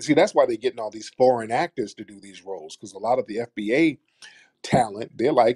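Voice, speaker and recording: A man's voice: medium pitch, brisk, a little mellow, breathy edge, no room sound, clean studio sound. A man hosting a live talk show, speaking bluntly and sarcastically in a streetwise manner. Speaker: host.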